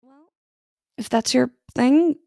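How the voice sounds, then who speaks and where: A woman's voice: high voice, slow, gravelly, warm tone, no echo. A woman co-hosting a casual podcast chat, rambling with fillers and frequent giggles. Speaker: podcast co-host.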